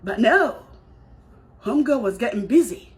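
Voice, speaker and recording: High, lively woman commenting dramatically. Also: normal speed. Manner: dramatic, exclaiming, laughing. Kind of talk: reaction commentary.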